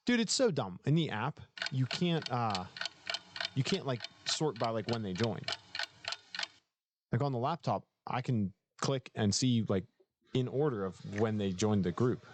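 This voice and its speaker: A man co-hosting a casual podcast in a relaxed, laughing way, easily sidetracked while he searches for things. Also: on the low side, background noise. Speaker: podcast co-host. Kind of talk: casual chat.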